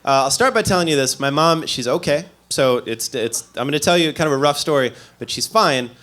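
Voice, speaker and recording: A man's voice: a little high, brisk, a bit bright, slight background noise. A man from the American Midwest doing stand-up comedy, telling a story in a loose, self-mocking way with dry asides.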